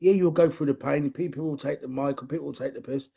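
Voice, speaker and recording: An easygoing man with a London accent chats as a guest over a video call. His voice is husky and a touch high for a man. The call audio is dull and lo-fi. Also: steady tone, quick pace, dark tone. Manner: easygoing, jokey. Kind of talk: casual interview on a video call.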